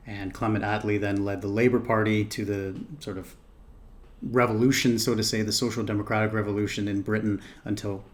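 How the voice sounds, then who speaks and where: A man's voice: fairly low pitch, little pitch movement, a little fast. A man hosting a reaction video, thinking aloud in casual commentary, hesitating and correcting himself.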